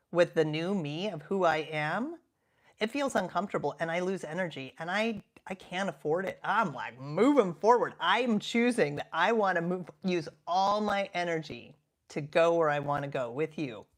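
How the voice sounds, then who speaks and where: A woman in her fifties giving a reflective self-help talk as a coach. Her voice sits a little low, and her delivery is gentle and earnest. She often slows and drops to a soft half-whisper to stress a point. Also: expressive. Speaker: coach and podcast host.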